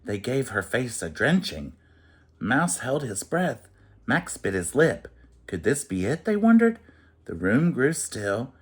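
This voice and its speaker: A man reading a rhyming children's picture book aloud in an expressive, sing-song way. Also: medium pitch, takes it slowly, slightly rough.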